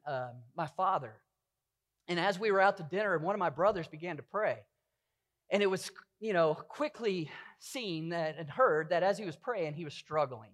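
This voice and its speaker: Earnest male pastor preaching. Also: high voice. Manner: earnest preaching with rhetorical questions. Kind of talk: sermon.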